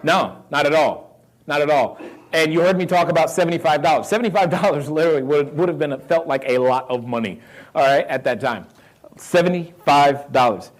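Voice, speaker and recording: A man with a Southern American accent and North Carolina roots gives a live motivational talk on real estate, his voice a little high and a little fast. He's energetic, quizzing the audience with questions and repeating his key lines.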